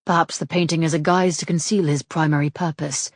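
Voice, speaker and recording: A woman voicing a roguish gentleman swordsman in an audiobook, with a low, lazy, flirtatious murmur. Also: fairly even intonation, brisk, no echo, clean studio sound. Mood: teasing. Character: teasing, roguish gentleman swordsman, adult man. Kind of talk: audiobook character voice.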